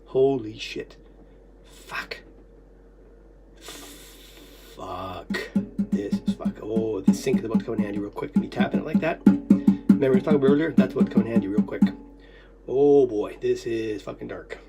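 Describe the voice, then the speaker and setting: A person rambling through recalled memories in a solo recording, swearing constantly, swinging from muttering to loud outbursts, and breaking into coughing fits. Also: mid-range voice, animated, fairly quick, creaky, over loud music.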